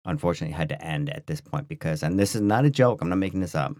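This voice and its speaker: A man with a very low voice tells a story on a podcast, loose and rambling, with lots of restarts and fillers. The sound is dry and close, with no room behind it. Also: racing, dry recording. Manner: rambling, full of restarts and "like", animated. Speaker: podcast co-host. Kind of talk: casual storytelling chat.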